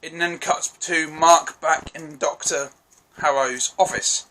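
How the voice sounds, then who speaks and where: A man talks through a TV episode in a loose, chatty review, recapping scenes and apologising as he goes. His voice is bright and forceful, and sits a little high. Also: fairly even intonation, slow pace. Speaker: TV show reviewer. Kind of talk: casual spoken review.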